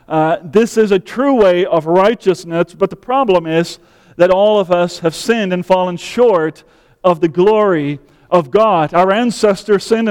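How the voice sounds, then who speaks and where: A male pastor preaching a sermon in measured phrases, often asking rhetorical questions. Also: high voice, darkish tone, clear, resonant tone, long reverb tail.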